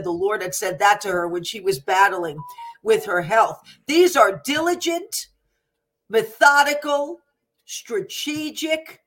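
A woman's voice: medium pitch, a bit bright. A woman hosting a ministry talk show, exhorting her listeners with urgency. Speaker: host.

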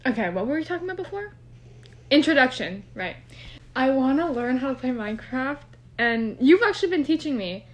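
Young female co-host, talkative and giggly, higher-pitched, casual home recording. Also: big pitch swings, a little fast. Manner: chatty, rambling, laughs often. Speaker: podcast co-host. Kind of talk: casual chat. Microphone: no microphone, phone or computer.

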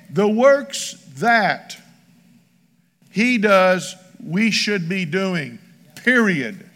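A man's voice: high voice, very animated, extremely slow, fairly bright tone. A man preaching a sermon as pastor, emphatic and rhythmic, reading scripture aloud. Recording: long church hall reverb.

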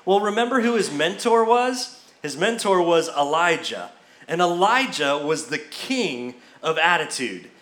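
A man preaching a sermon as pastor, telling the story in a lively, conversational way. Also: fairly high pitch, a little slow, roomy sound. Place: church.

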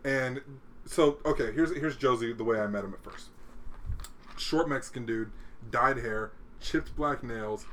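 A man's voice: mid-range voice, measured pace, fairly bright tone, a little hiss or hum. A man casually telling a profane, laid-back story among friends, acting out the people in it.

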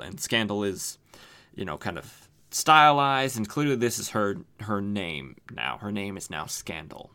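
Rambling man recapping comics, low voice. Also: unhurried, pushed and bright. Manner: rambling, filler-heavy. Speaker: podcast host. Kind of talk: casual comic book recap.

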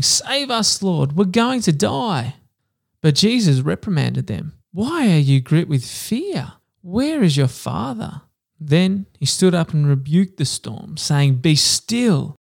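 A man hosting a Bible reading podcast, reading scripture aloud and then reflecting earnestly, sometimes halting as he speaks off the cuff. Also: on the high side, gravelly, a little mellow.

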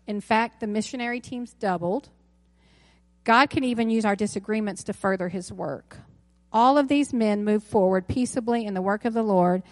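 Woman pastor, 30s, casual sermon delivery in a church, mid-pitched voice, dry recording. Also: a little mellow, dry recording. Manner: conversational, self-correcting with asides. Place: church sanctuary.

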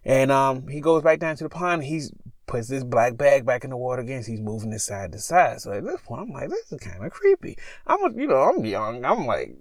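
Rambling man with a lively, bouncing voice. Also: mid-range voice, a little fast, no room sound, studio quality. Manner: rambling and animated, stops to correct himself. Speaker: podcast co-host telling a scary story. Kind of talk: casual storytelling chat. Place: parked car.

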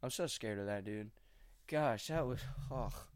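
Settled on the couch at home, a young man vlogs into a desk mic at a mixing board, his rambling slangy and anxious. He speaks with a medium pitch at an unhurried pace, and his voice is smooth with no echo.

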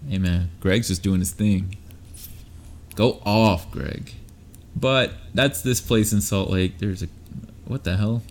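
Young man, low-pitched, laid-back co-host reading articles aloud with some stumbles. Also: slow, long pauses. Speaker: podcast co-host.

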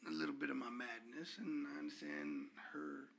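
A man with a heavily gravelly, bright voice talks in a loose, slangy way and often says bro and yo. It is relaxed podcast banter between parents. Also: fairly high pitch, normal speed. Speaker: podcast co-host, father. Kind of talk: casual chat.

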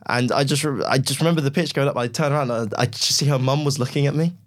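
A man's voice: mid-range voice, steady tone, quick pace. A man, co-hosting a podcast in casual chat and telling self-deprecating stories. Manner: rambling storyteller, self-deprecating, acts out his own reactions. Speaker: podcast co-host.

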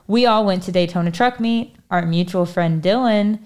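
A young woman co-hosts a casual podcast, telling stories with lots of energy, acting out quoted dialogue and laughing often. Her voice is on the lower side, somewhat mellow and clean, at a moderate pace.

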